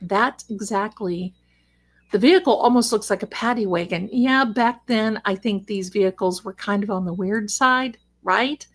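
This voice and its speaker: A woman hosting a casual livestream from home, chatting with viewers at a desk microphone, rambling warmly and calling them darling and sister. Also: mid-range voice, normal speed. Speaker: livestream host and psychic reader. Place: home, cat on her lap.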